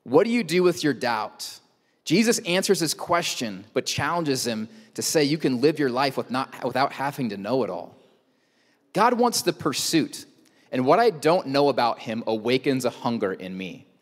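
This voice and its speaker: A male pastor preaches a sermon conversationally, tossing in rhetorical questions and joking asides. His mid-range voice has a sing-song lilt and a moderate pace, and the church auditorium gives it a long hall reverb.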